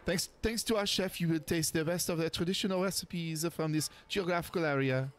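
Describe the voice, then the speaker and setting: A man's voice: a little high, a little fast, voice pushed up, natural voice. A man voicing a gracious French woman sommelier in a put-on French accent, dropping in French phrases and tripping over words. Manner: slips into bits of French, stumbles over words.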